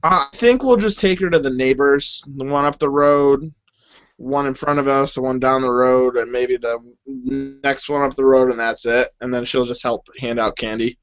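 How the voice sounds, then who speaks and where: A man's voice: mid-range voice, steady tone, a bit bright, clear, resonant tone, dry recording, faint music behind. A man in his thirties or forties co-hosting a podcast, easygoing and joking in casual chat. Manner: easygoing, joking, drawn-out phrasing. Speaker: podcast co-host. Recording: dull lo-fi audio.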